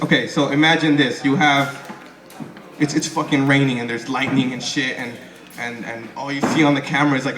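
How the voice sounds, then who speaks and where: A young man doing a stand-up comedy set, rambling, swearing and stammering through restarts. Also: medium pitch. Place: comedy club stage. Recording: echoey club with crowd noise. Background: audience laughing.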